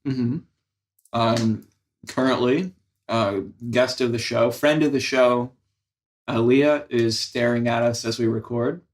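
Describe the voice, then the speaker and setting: A man's voice: medium pitch, fairly even intonation, takes it slowly. A man co-hosting a casual podcast chat, laid-back and wry. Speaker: podcast co-host.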